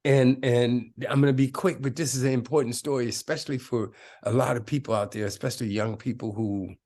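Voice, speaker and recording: A man's voice: medium pitch, fairly even intonation, brisk, a little mellow. A man of about seventy, a film director telling a personal story as an interview guest, emphatic and streetwise, often checking in with "right?". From South Side of Chicago. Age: around 70.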